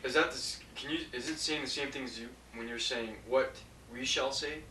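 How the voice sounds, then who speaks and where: Male student, bright voice, unsure and halting. Distant, roomy classroom recording with faint hiss. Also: mid-range voice, fairly even intonation. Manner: hesitant, full of uh and um. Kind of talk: classroom question and answer.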